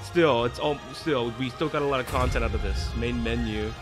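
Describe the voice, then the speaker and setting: A young man reacting live to a video announcement, excitable and prone to shouting in disbelief. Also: mid-range voice, brisk. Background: music from the video.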